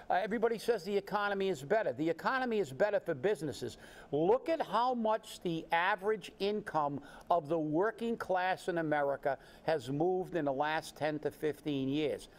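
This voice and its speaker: High-voiced man ranting on local politics. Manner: indignant, ranting, rhetorical questions. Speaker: political commentary co-host. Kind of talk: heated political commentary.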